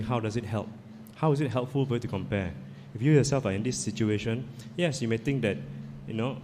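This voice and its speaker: A man's voice: lowish voice, a little mellow, big-room sound, slight background noise. A man, an associate professor giving a humorous public talk, telling stories and checking in with the audience. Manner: joking, storytelling, checks in with audience.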